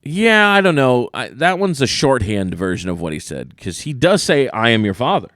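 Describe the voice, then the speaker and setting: A man co-hosting a podcast in casual chat, animated and dismissive as he rants. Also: mid-range voice, moderate pace, no room sound, clean studio sound. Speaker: podcast co-host.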